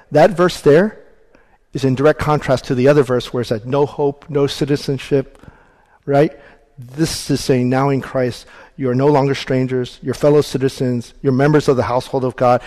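A man's voice: a little high, a little mellow. Earnest preaching man in a reverberant hall. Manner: earnest, emphatic preaching with scripture reading. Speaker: pastor. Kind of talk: sermon.

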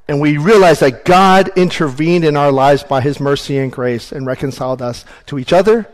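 A man's voice: fairly high pitch, normal speed, big-room sound. A man preaching a sermon as pastor, earnest and emphatic, reading scripture aloud.

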